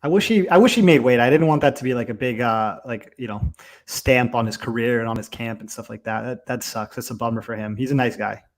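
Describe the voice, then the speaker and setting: A man's voice: medium pitch, brisk. A young man co-hosting a fight watch-along, chatting loosely with swearing and lots of fillers. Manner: loose and profane, with many fillers. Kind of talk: casual live fight commentary.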